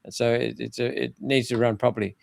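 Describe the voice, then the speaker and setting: A man's voice: mid-range voice, steady tone, quick pace, gravelly, a little mellow, dry recording. An older man, speaking bluntly and emphatically in an interview, often restarting his phrases. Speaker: former senator interviewed as guest. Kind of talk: political interview talk.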